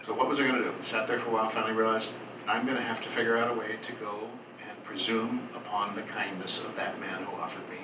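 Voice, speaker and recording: A male storyteller tells a personal tale in an earnest, rambling way, pausing and restarting as he goes. He is heard from a distance in an echoing café, with a steady hum of noise around him. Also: fairly low pitch. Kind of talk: live storytelling performance. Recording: roomy, distant, noisy live café.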